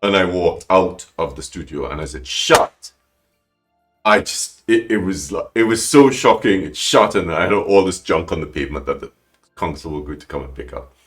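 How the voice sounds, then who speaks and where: A man telling an emotional personal story as a podcast guest, animated and rambling, with frequent restarts. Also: normal speed, faint music behind. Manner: animated, acts out quoted lines with big pitch jumps. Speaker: guest calligrapher.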